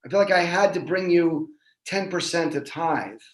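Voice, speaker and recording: A man doing an excitable high-voiced friend. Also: normal speed, echoey room, lightly acted. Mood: earnest. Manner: excited, sarcastic, laughing.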